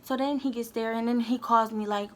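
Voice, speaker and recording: A woman's voice: a little high, steady tone, brisk. A young woman telling a candid, heated storytime straight to her viewers. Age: young adult. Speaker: vlogger. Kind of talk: storytime vlog.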